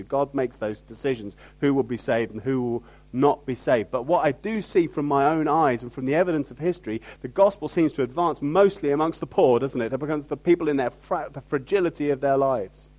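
A pastor preaches conversationally, often tossing in rhetorical tag questions and swinging between loud emphasis and quiet asides. His medium-pitched voice moves briskly with hardly any pauses.

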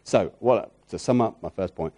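A man preaching a sermon who repeats key phrases for emphasis, asks rhetorical questions, and moves between loud emphatic peaks and hushed, soft lines. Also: on the low side, moderate pace.

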